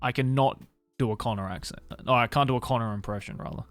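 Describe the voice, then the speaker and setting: A young Australian man talks loosely to his stream audience, drifting between thoughts and laughing at himself. His voice sits at an ordinary middle pitch and the sound is dry and close. Faint music plays beneath him. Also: fast talker, a bit bright, dry recording. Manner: loose and rambling, swears freely, laughs often. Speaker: streamer chatting with viewers. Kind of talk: casual live-stream chat.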